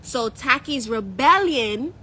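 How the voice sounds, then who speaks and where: A young Jamaican woman with a bright, fairly high voice, chatting casually to her viewers as a spiritual coach. She is jokey and animated, laughs easily and drifts into patois. A faint hiss of room noise sits under her voice. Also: takes it slowly, rough recording. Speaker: spiritual coach and YouTube host.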